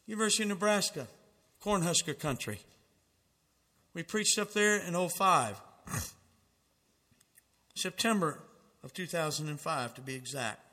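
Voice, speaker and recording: Fervent high-voiced male preacher. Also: lively intonation, a little slow, long pauses, bright, forceful tone, in a large hall. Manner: fervent, emphatic preaching with dramatic quotations. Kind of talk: sermon.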